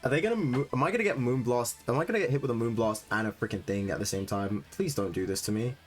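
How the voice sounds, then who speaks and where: Excitable man commentating his gameplay. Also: medium pitch, fast, soft background music. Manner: excitable, swings into loud frustrated rants. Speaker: gaming streamer. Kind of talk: live commentary on competitive battles.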